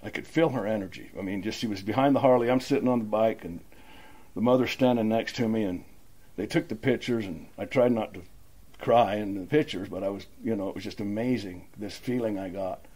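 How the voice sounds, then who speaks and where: A man's voice: fairly low pitch, a little fast, mellow, slightly rough. An older man stands before a meeting and tells his recovery story in a folksy, plainspoken way. His talk is heartfelt and unpolished, full of everyday words. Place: meeting room.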